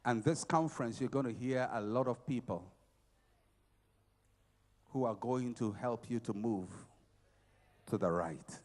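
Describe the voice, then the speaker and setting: Speaking at an unhurried pace with long pauses, a middle-aged man at a conference preaches a motivational sermon in a medium-pitched voice. His delivery is emphatic and repetitive, moving between shouted lines and softer passages.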